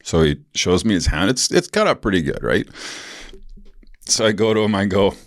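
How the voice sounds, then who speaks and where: A man's voice: fairly low pitch, animated, moderate pace, no room sound. A man hosting a podcast tells a story casually, rambling with lots of fillers and swearing, and acts out other people's lines in a raised voice. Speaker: podcast host.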